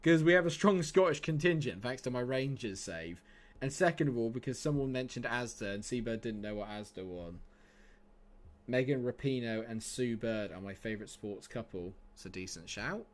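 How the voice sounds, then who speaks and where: While streaming a football management game, a young man banters with his viewers and occasionally blows up in exasperation. His voice is medium-pitched and expressive, at a moderate pace.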